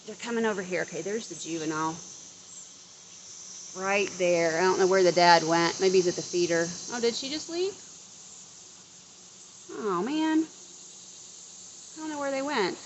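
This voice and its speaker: A woman talks to her camera outside in a yard, in a chatty, rambling way that keeps restarting and drifting into asides. Her voice sits a bit low yet rings bright and forceful. Faint insect noise hums behind her. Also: poor audio. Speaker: vlogger. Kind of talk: casual chat to camera. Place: outdoors in a yard near bird feeders.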